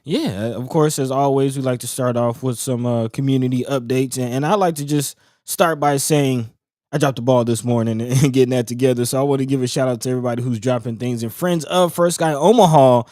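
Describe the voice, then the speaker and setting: A man co-hosting a community talk show, in casual, rambling chat with many fillers and soft laughs. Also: medium pitch, fairly even intonation, brisk, no echo, studio quality.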